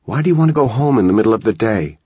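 A man's voice: lowish voice, animated, rapid-fire, mellow, slightly rough, no echo, lo-fi sound, voice pushed up. A man voicing a tired, worried mother of an eleven-year-old boy. She sounds anxious and pleading. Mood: exasperated.

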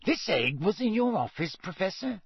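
A man's voice: sits high, big pitch swings, moderate pace, slightly rough, dry recording, pitched above the performer's own voice, exaggerated voice. A man voicing a spiteful old male school caretaker in an audiobook, with a gleeful, wheedling, malevolent whine. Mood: fawning. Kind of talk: audiobook character voice.

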